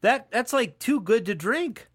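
A man's voice: extremely high pitch, lively intonation, a little slow, fairly bright tone, breathy edge. A man hosting a casual call-in radio show, chatting and joking as he reads listener texts aloud.

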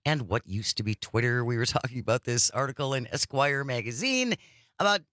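A man's voice: medium pitch, animated, brisk, bright, forceful tone, dry recording, clean studio sound. A middle-aged man co-hosting a radio talk show, chatting casually, chuckling and telling stories. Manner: chuckling, storytelling.

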